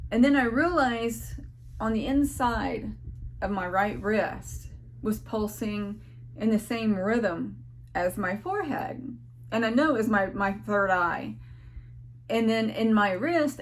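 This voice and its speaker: A woman's voice: medium pitch, slight background noise. A woman casually telling an earnest, emotional personal story in a rambling way, near tears at times, speaking at home. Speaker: spiritual vlogger.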